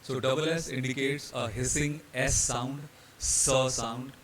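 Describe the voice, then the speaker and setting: A man's voice: medium pitch, fairly even intonation, normal speed, a bit bright, slight background noise. A man from India, a hotel training instructor, explaining pronunciation rules over slides, spelling out letters, with some fillers and restarts. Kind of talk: slide-based pronunciation lesson.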